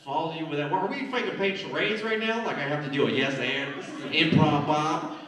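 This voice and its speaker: A man's voice: fairly high pitch, a little fast. A male comedian doing profane, teasing crowd work at a live show. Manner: brash, profane, teasing banter. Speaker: stand-up comedian. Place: lodge banquet hall. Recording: echoey hall from far off, crowd noise. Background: audience laughter.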